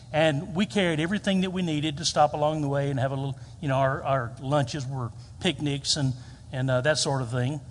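A man, preaching a storytelling sermon and acting out quoted lines. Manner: storytelling, acts out quoted lines with big pitch jumps. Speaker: pastor. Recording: reverberant hall.

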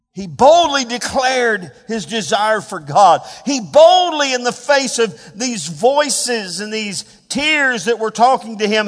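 A man preaching a sermon as pastor, dropping to hushed murmurs and rising to loud, fervent shouts of scripture. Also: very high voice. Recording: long reverb of a large hall.

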